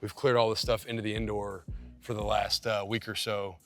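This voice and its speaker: A man's voice: lowish voice, little pitch movement, fairly bright tone, faint music behind. A man in his forties, a head football coach, telling stories and giving a tour in an easygoing, chatty way. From Kentucky. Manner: easygoing storyteller, quick asides. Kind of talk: casual interview and facility tour.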